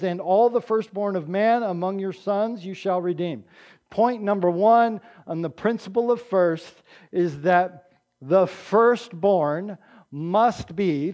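A man's voice: high-pitched, a little mellow. A man preaching a sermon in a conversational, emphatic way, often checking in with his congregation and acting out quotes. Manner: emphatic, acts out quotes with raised voice. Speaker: pastor.

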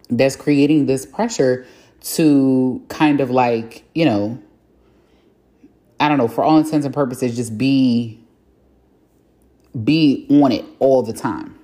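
A woman with a strikingly low, mellow voice hosts her own podcast. She talks candidly and casually in a chatty, self-deprecating way, swearing now and then. It comes across as an unscripted solo monologue. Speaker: podcast host.

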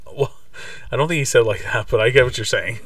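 A man's voice: mid-range voice, fast talker, recorded from a distance, crowd noise. A man co-hosting a podcast, retelling a movie scene by scene in casual chat, with lots of fillers and restarts. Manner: rambling, many fillers and restarts. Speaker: podcast co-host.

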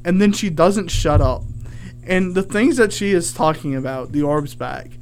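A man's voice: a little high, moderate pace, soft background music. A young man hosting a college radio show, telling a rambling story with lots of fillers. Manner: animated, rambling with many fillers. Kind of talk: casual storytelling chat.

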